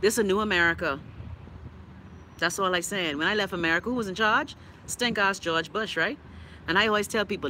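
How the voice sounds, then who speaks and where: With a Bahamian accent, a woman from the Bahamas chats on a live stream, laughing often as she reads viewer comments in a sassy, outspoken, profane manner. Her mid-range voice runs a little fast, pushed and bright, with a little hiss or hum behind it.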